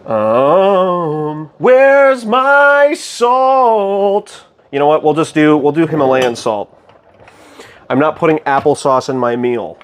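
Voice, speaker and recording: A young man casually chatting with his stream chat while cooking, excitable, goofy and loud. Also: a little high, a little slow.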